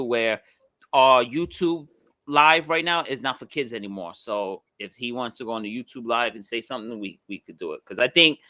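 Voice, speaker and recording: Animated man in casual sports chat. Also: mid-range voice, no echo. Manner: animated, quick to laugh. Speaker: podcast co-host.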